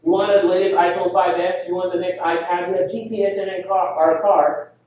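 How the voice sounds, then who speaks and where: A man giving an energetic conference presentation, firing rhetorical questions at the audience. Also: high voice, fairly quick. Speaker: conference speaker. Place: conference hall. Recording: echoey hall, distant mic, dull.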